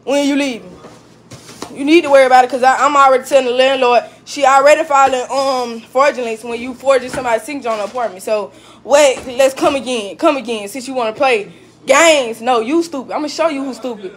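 A woman's voice: high-pitched, a little fast. A woman on a live stream ranting heatedly and profanely, repeating herself and laughing between jabs. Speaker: livestreamer. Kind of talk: casual live-stream rant. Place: indoors at home. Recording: echoey room.

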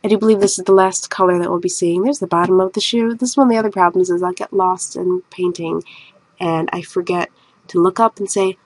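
A woman's voice: lowish voice, steady tone, brisk, a little mellow, breathy edge, dry recording, low-quality recording. A woman artist with a somewhat nasal voice, chatting in a rambling, self-mocking way over a video of her painting.

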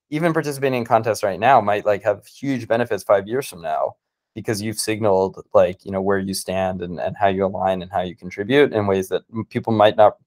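This startup founder, a guest speaker, chats about his ideas over a video call, rushing along eagerly and packing his speech with "like." He has a fairly low, slightly mellow voice.

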